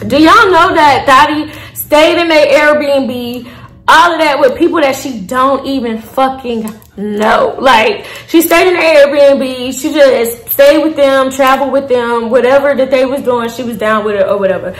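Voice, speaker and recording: A woman's voice: high voice, unhurried. A woman in her twenties telling a story to her viewers in a casual, candid, slangy and profane way. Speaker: storyteller vlogger. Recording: roomy echo.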